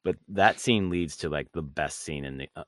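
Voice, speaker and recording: Very deep-voiced swearing podcast co-host. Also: male voice, moderate pace, dry recording, studio quality. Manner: profane, animated storytelling. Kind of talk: casual podcast chat.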